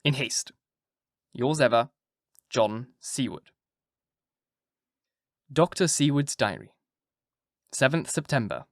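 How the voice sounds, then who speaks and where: Man, audiobook narrator, steady clear reading, dry close mic. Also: mid-range voice, takes it slowly, pauses often, dry recording. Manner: relaxed, joking intro, then steady clear reading. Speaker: audiobook narrator and channel host. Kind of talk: audiobook reading with a casual intro.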